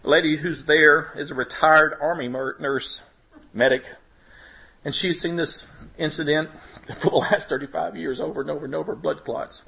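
A man telling his personal faith testimony to a congregation, emotional, his voice rising and breaking at the high points. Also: steady tone, normal speed, creaky. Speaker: preacher giving testimony. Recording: dull lo-fi recording.

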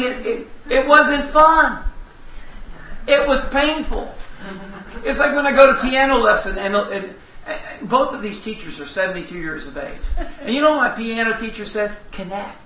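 A man's voice: sits high, slight background noise. A man preaching a sermon in a church, telling folksy, humorous stories. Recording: echoey hall, distant mic, dull sound.

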